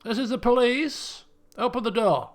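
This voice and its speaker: A man's voice: very high-pitched, normal speed, soft background music, voice pushed up. A man voicing an irritated woman who curtly brushes off a caller. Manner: curt and dismissive. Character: curt, irritated woman answering a phone.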